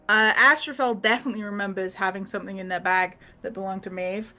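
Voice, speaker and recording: A woman's voice: mid-range voice, fairly even intonation, a little fast, few pauses, bright, forceful tone. A woman casually recapping the last session of a tabletop game, rambling, laughing and swearing as she quotes the characters.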